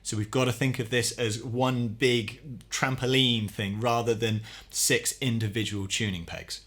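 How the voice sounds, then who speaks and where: A man giving a calm, methodical hands-on tutorial, explaining each step as he works on a drum. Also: medium pitch, unhurried. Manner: calm, methodical, talks while working. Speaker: drum teacher.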